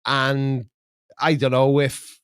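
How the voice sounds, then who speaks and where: A man's voice: mid-range voice, completely flat delivery, slow, fairly bright tone, clear, resonant tone, no echo. Middle-aged male streamer, rambling chatty host, dry close sound. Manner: rambling, chatty, chuckles at his own jokes. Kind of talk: casual live-stream chat.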